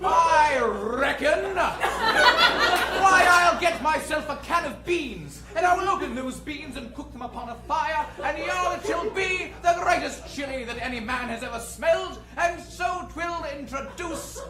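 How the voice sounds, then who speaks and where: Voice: high voice, lively intonation, unhurried, crowd noise. A performer doing a folksy British cowboy. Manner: old-timey drawl, "I reckon", "y'all". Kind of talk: live improv acting. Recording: roomy live theater with audience.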